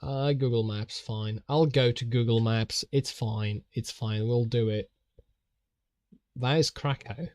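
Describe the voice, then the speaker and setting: A man's voice: mid-range voice, steady tone, slow pace, a little mellow, no room sound, studio quality. A man streaming while he draws, rambling in a jokey way and often laughing.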